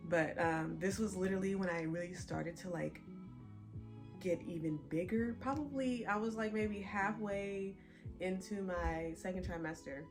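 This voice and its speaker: A woman's voice: medium pitch, normal speed, over music. A young pregnant woman chatting casually to her viewers, laughing often as she tells a story. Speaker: vlogger. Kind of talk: casual chat.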